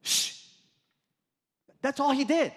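A pastor preaching a sermon, swinging from loud emphasis to hushed, soft lines. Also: male voice, high voice, expressive, normal speed, long reverb tail.

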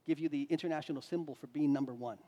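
A man preaching a sermon as a pastor, swinging between loud emphatic lines and quiet asides. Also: fairly high pitch, rapid-fire, dull audio. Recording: reverberant hall.

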